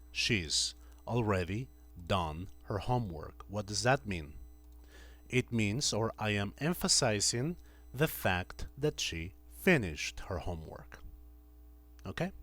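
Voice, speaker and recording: Slow, patient man teaching grammar. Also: fairly low pitch, a bit bright. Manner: slow, patient, repeats example sentences. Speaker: English teacher. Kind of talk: classroom grammar lesson. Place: classroom with students.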